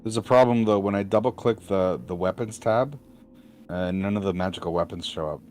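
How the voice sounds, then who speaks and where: A man's voice: fairly low pitch, a little fast, a little mellow, a little hiss or hum. A man speaking as a player in a live tabletop game, with a dry, sarcastic manner. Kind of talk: casual tabletop play.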